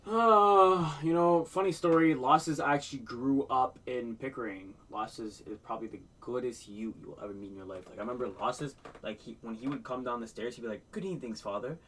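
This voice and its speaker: A man's voice: medium pitch, a little fast, hardly any pauses, a bit bright, recorded from a distance, slight background noise, poor audio. A man reacting to a music video, telling absurd made-up stories in a mock-sincere tone. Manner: tells outlandish tall tales in a mock-sincere tone.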